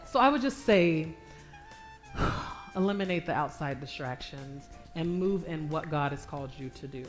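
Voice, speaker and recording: Animated woman coach speaking at church. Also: deep voice, moderate pace, soft background music. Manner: animated, acts out her own prayers and inner dialogue; repeats phrases for emphasis. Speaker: guest speaker, business coach. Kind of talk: Q&A talk at a church event. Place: church sanctuary, live stream.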